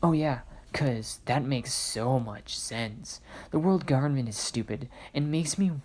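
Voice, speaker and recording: A man voicing a worn-out young male hero in a fan-made story, reading his lines quietly and half-whispered. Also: medium pitch, measured pace, lightly acted. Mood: defiant.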